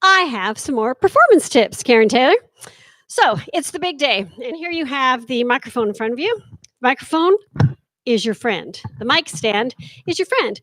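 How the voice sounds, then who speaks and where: A woman presenting a workshop on performance tips in an energetic, demonstrative way. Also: high-pitched, normal speed, no room sound.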